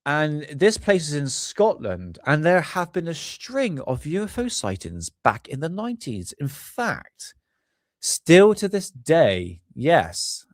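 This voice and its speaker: A man's voice: fairly high pitch, sing-song, slow pace, no echo, studio quality. Rambling man live-streaming. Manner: rambling, swears while fumbling with videos. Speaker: UFO channel host. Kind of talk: casual live stream chat.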